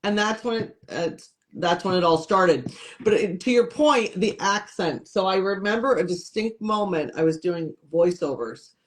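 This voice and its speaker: A woman's voice: mid-range voice, normal speed, slight background noise. A woman from upstate New York, a comedian and TV host, chatting as an interview guest and acting out the voices of people in her stories. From Syracuse, New York. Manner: lively storyteller, acts out quoted voices. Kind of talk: casual interview chat.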